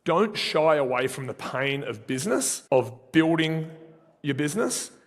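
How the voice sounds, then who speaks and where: A man with an Australian accent, giving an energetic, conversational motivational talk to a live audience and telling stories with asides to the crowd. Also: a little high, unhurried. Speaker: speaker at a live career event. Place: event venue, live audience. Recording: reverberant event hall.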